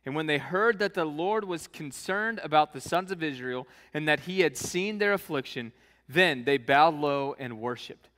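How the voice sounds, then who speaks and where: A male preacher with a bright, forceful voice that sits a little high. He talks through his sermon in a loose, conversational way, reading scripture and slipping into slang. His voice rings out in a long hall reverb. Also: lively intonation, moderate pace. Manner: casual, conversational, acts out scenes in slang.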